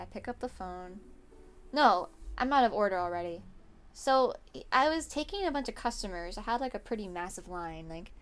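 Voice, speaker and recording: A young woman streamer draws while rambling through a story about work. She swears freely, answers her chat along the way, and speaks at a medium pitch.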